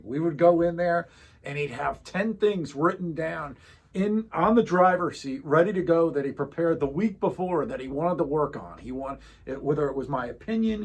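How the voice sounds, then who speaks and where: A man co-hosting a casual vlog chat, relaxed as he reminisces about a coworker. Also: on the high side. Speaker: co-host.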